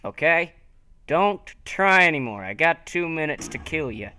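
Young male gaming host, fairly high voice, jumpy and mocking play-by-play. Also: measured pace, slight background noise. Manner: excitable, taunting, talks to himself. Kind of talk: live gameplay commentary.

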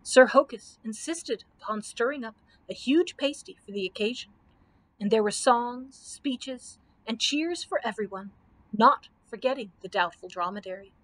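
A woman librarian reading a children's book aloud in a gentle storybook manner. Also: on the high side, normal speed, rough recording.

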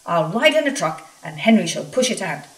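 A curt, matter-of-fact railway foreman from a storybook, as a woman reads him, in a lowish but lively voice. The sound is roomy and distant with faint hiss. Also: a little fast. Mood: brisk. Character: brisk, no-nonsense male railway foreman. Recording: echoey room, far from mic, faint hiss.

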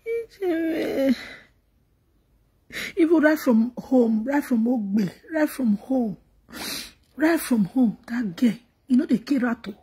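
A woman's voice: on the high side, expressive, measured pace, dark tone, husky. A woman with a Nigerian accent talking straight to her viewers, pleading and lamenting, repeating herself, often close to sobbing and dropping into whispers. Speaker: vlogger. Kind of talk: emotional monologue to viewers.

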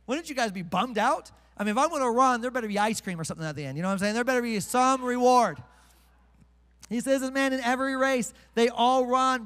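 A man preaching a sermon to a live congregation, energetic and joking, slowing way down to read scripture. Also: high-pitched, in a large hall. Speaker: pastor. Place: church sanctuary with congregation.

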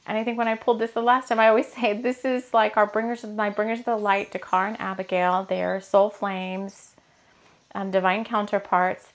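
A woman giving a rambling, casual spiritual card reading, her throat a bit hoarse and scratchy, laughing often. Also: mid-range voice, little pitch movement, moderate pace. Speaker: tarot card reader.

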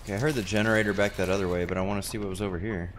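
Chatting casually during a game stream, a man rambles at a racing pace and chuckles at himself as he plays. His voice is lowish and steady, with a bit of background noise behind it.

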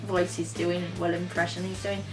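A woman's voice: fairly low pitch, little pitch movement, brisk, over music, poor audio. A woman co-hosting a casual comedy video, talking in a self-deprecating, easygoing way. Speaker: co-host. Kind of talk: casual comedy game chat.

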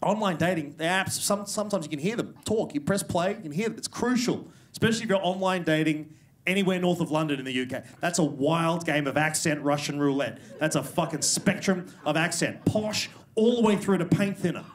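A man's voice: on the high side, fairly quick. A man doing stand-up in a comedy club, brash and swearing, speaking into a handheld stage mic. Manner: brash, swearing, loud crowd-working delivery. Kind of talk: stand-up set. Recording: live club recording, crowd noise.

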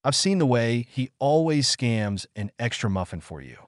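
A man's voice: mid-range voice, sing-song, normal speed, no echo, clean studio sound, natural voice. A man voicing an easygoing surfer teen girl in a playful way.

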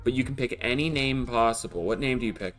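A man's voice: mid-range voice, fast, fairly bright tone, soft background music. A man streaming a game, chatting casually with friends, joking and swearing. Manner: joking, swearing, laughing often. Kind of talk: casual gaming chat.

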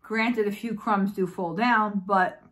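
A woman's voice: medium pitch, fairly even intonation, slow pace, fairly bright tone. Woman vlogging, rambly and chatty, says oh my god a lot, just talking to camera. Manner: rambling, chatty, repeats herself; frequent exclamations. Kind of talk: casual vlog chat.

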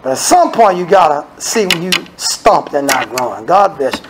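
A man's voice: fairly high pitch, normal speed, noisy background. A man preaching an evening church sermon, acting out quoted voices. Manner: animated, acts out quoted voices. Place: church sanctuary.

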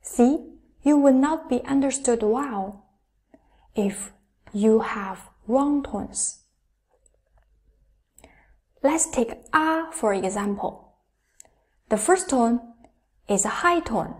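A woman with a high voice teaches a language lesson at a very slow, deliberate pace. She says each syllable and tone aloud for the learner to repeat. Her delivery is patient and methodical, like a teacher running a drill. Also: expressive, a little mellow. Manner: careful, deliberate, demonstrating each sound aloud.

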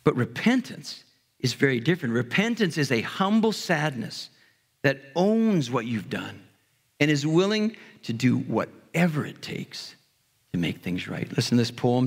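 A pastor preaching a sermon in a conversational way, retelling a story and briefly acting out its characters. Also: male voice, medium pitch, very animated, unhurried, husky. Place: church hall. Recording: long hall reverb.

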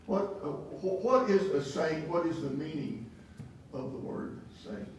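Bible class teacher, male, slightly high-pitched, restarts a lot, distant mic in a reverberant room. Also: animated, unhurried. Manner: questioning, repeats words and restarts. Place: church classroom. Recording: echoey room from far off, faint hiss.

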